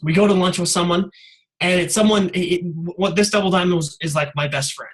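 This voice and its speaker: A man giving an energetic, casual motivational talk on a sales call, full of "like" and "you guys.". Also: high voice, brisk, rough recording. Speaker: guest speaker on a sales call.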